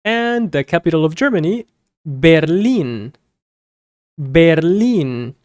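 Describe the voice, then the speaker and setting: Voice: medium pitch, a little mellow, dry recording, clean studio sound. A Spanish teacher giving a beginner lesson, saying each word several times for learners and explaining in plain terms. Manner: explains in plain terms with small personal asides.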